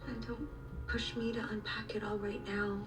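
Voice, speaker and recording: An actress playing a weary woman who pleads to be understood, speaking haltingly and from the heart in a TV drama. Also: medium pitch, flat delivery, lightly acted. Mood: weary pleading. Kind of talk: TV drama acting. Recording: distant TV audio under loud music.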